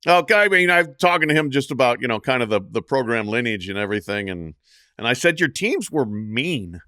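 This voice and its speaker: A man co-hosting a sports podcast in a casual, expressive way, chuckling along. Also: medium pitch, fast, smooth, no echo, studio quality. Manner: expressive, lively rise and fall, chuckles along. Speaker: podcast co-host.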